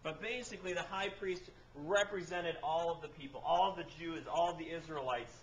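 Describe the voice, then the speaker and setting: Pastor guy giving a sermon, kinda high voice, big echoey church sound, lots of restarts. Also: steady tone, brisk. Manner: conversational storytelling with repeated restarts. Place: church sanctuary. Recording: echoey church room with faint noise.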